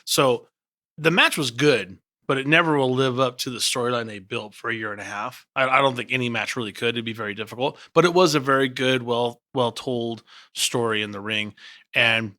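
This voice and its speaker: Bright-voiced man in relaxed podcast chat. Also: medium pitch, fairly quick, no echo, studio quality. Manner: relaxed, conversational, thinks aloud with restarts. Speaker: podcast co-host. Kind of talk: casual chat.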